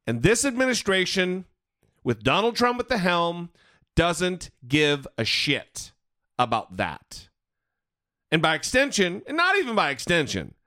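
A male podcast host delivers heated political commentary with frequent profanity. His voice runs high for a man and swings widely in pitch as he builds emphasis. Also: no echo, studio quality. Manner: animated, profane, ranting.

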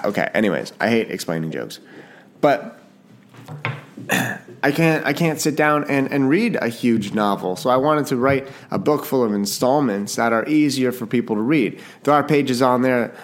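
A male podcast host from Canada talks on his own in a loose, chatty way. His voice sits at an ordinary middle pitch, and he often stops mid-sentence to start over. He jokes at his own expense and keeps apologizing. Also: expressive, moderate pace. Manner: rambling and self-deprecating, with frequent restarts; apologetic, jokey. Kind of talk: casual solo podcast chat.

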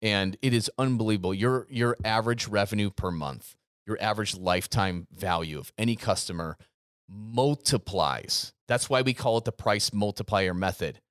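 A man with a fairly low voice talks in a casual podcast chat, earnest and emphatic, circling back over his words. The sound is dry and close to the mic. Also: moderate pace, fairly bright tone, clean tone, dry recording. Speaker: podcast co-host, gym business coach.

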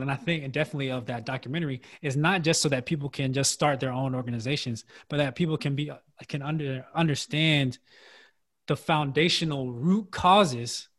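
A man hosting a casual podcast conversation, earnest and thinking aloud, restarting his sentences often. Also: mid-range voice. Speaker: podcast host.

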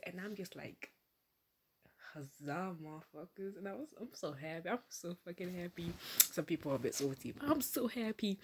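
A woman in an excited, casual rant to the camera, gushing and swearing, who often drops into a breathy whisper. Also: on the low side, noisy background. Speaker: fan vlogger.

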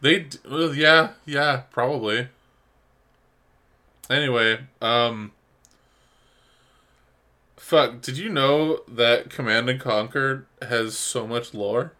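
A man co-hosting a podcast in casual chat, excitable, laughing and swearing often. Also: mid-range voice, slow, long pauses. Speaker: podcast co-host.

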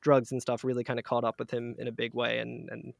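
A man's voice: medium pitch, completely flat delivery, fast, creaky, dry recording, clean studio sound. A man chatting as a guest on a casual podcast, rambling through a story with lots of fillers and restarts.

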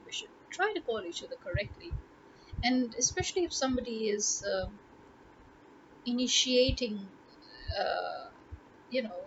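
A woman's voice: fairly high pitch, dull audio, slight background noise. A woman language tutor talking casually to camera in an emphatic way, repeating words to drive her points home.

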